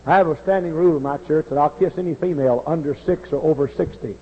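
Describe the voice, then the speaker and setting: A man in his forties, a pastor, preaching a sermon that moves from folksy storytelling to loud impassioned outbursts. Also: fairly high pitch, fast talker, breathy edge. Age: 40s. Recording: dull old recording in a large reverberant hall.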